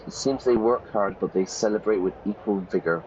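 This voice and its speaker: A man with a lowish voice reads a game's narration aloud for English learners, pausing in a playful way to gloss words and fix his own slips. The sound is a little dull and lo-fi, with a faint hiss behind him. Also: darkish tone. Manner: playful, pauses to gloss vocabulary and self-correct. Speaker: English teacher streaming a game. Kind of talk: reading game text aloud and explaining words.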